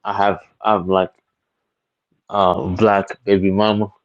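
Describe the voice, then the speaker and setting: A man's voice: low-pitched, flat delivery, measured pace, dull audio. A man calling into a live chat, stammering and repeating his words. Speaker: caller. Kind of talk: casual call-in talk.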